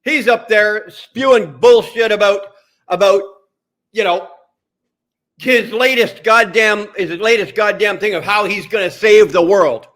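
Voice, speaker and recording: Angry high-voiced man ranting. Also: unhurried, a bit bright. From Canada. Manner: profane, heated, repetitive. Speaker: streamer. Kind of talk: angry livestream rant.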